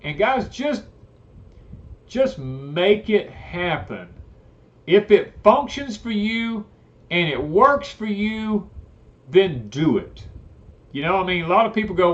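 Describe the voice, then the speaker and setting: A man's voice: sits high, animated, unhurried. A man with a Southern US accent hosting a homesteading live chat, talking bluntly and emphatically like a preacher. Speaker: homesteading channel host. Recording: dull lo-fi live-stream audio.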